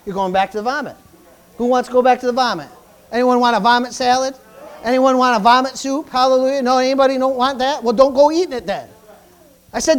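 Fervent high-voiced male preacher. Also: fast talker. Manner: preaching fervently, frequent hallelujahs, repeats words. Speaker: pastor. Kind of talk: sermon. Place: church.

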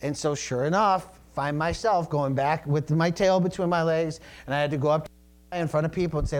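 A man's voice: a little high, normal speed. A middle-aged male pastor preaching a sermon in a conversational, storytelling way, with asides to the congregation.

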